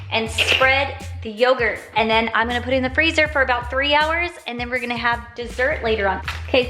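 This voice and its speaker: A vlogger with a high, bright, forceful voice chats upbeat and casually with her viewers while cooking at home. The casual cooking vlog takes place in her home kitchen and at a backyard grill.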